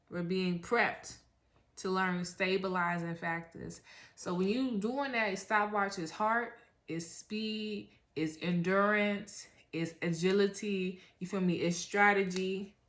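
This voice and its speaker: Woman astrologer, lowish voice, slangy, emphatic, encouraging. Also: fairly bright tone. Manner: slangy, emphatic, repeats phrases. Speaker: astrologer and tarot reader. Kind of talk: casual spiritual reading.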